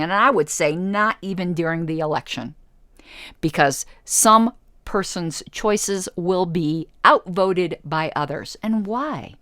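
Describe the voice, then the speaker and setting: A woman's voice: lowish voice, takes it slowly, a bit bright, no echo, clean studio sound. A woman from the United States hosting a radio talk show, reading an article aloud and answering it with sarcasm. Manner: sarcastic, argumentative.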